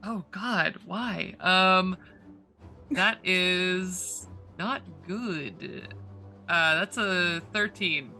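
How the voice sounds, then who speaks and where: A man playing in a tabletop game, narrating his character's moves slowly with lots of fillers. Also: high-pitched, sharp tone, faint music behind. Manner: slow, drawn-out narration with frequent fillers. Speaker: player. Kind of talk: describing actions in a tabletop game.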